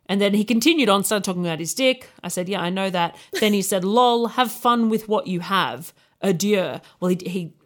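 A woman, co-hosting a podcast and telling a story in casual chat, candid and laughing often. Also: medium pitch. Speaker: podcast co-host.

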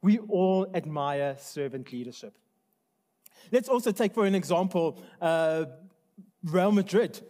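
A man's voice: sits high, expressive, measured pace, mellow. A man preaching a sermon, earnest and conversational, with restarts and asides. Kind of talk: sermon with opening prayer.

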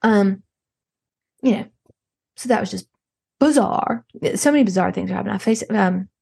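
A woman's voice: mid-range voice, moderate pace, creaky, a little mellow, breathy edge. A woman playing a dramatic, petty mom who rambles and gossips. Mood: exasperated. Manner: rambling, gossipy, full of restarts, acts out others' voices. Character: frazzled wealthy Southern mom, dramatic, petty. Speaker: show's main character. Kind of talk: comedic character monologue.

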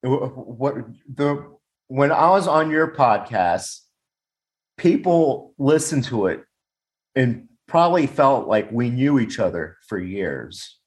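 A man's voice: mid-range voice, lively intonation, slow pace. A man chatting on a video call, blunt and rambling, laughing often and swearing casually. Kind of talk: casual podcast chat. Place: home or office, on a video call. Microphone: video call microphone.

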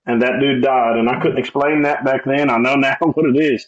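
Speaking at a normal pace and a typical middle pitch, a middle-aged guest shares his testimony conversationally, putting on others' voices as he quotes them and chuckling as he goes. The audio comes across a bit muffled and low-fidelity.

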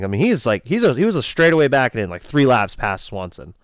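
A man's voice: mid-range voice, quick pace. A man casually retelling a race-day crash story, rambling and swearing freely. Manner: rambling, profane, animated retelling. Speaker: race crew member telling a story. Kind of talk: casual storytelling podcast chat.

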